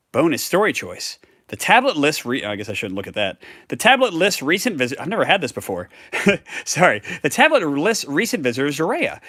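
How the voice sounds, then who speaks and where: A man's voice: mid-range voice, bright, forceful tone, dry recording, clean studio sound. A man hosting a live tabletop game playthrough, reading cards aloud with chatty asides. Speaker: host.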